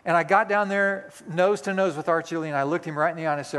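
A man's voice: on the high side, fast talker, hardly any pauses, a bit bright. A male pastor in his sixties preaching a sermon, telling a personal story with folksy, self-deprecating humor. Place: church sanctuary. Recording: long hall reverb.

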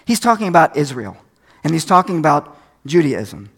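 An older man with a fairly high voice gives a sermon. His delivery is folksy and conversational, mixing stories from home with scripture. He sounds a little tired. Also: sing-song, moderate pace, creaky, fairly bright tone. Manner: folksy, conversational preaching with anecdotes. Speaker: pastor.

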